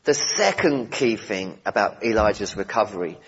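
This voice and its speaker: Man preaching, husky voice, conversational, gentle humour, slightly muffled recording. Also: on the low side, expressive, moderate pace. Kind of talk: sermon.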